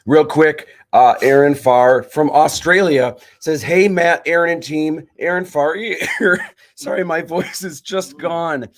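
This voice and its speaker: A man's voice: on the high side, slow pace. Upbeat man reading out chat messages. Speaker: co-host reading viewer messages.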